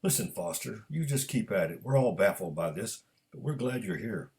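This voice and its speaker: A man's voice: lowish voice, animated, normal speed, gravelly, darkish tone. A man reading a story aloud, voicing an encouraging male hotel boss.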